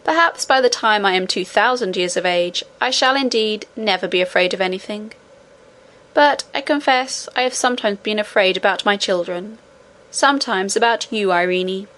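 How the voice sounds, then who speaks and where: Woman doing a wise ancient granny, soft and calm, gently scolding. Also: medium pitch, moderate pace, natural voice. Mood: tender. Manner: calm, tender, gently admonishing. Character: ancient wise gentle royal great-great-grandmother.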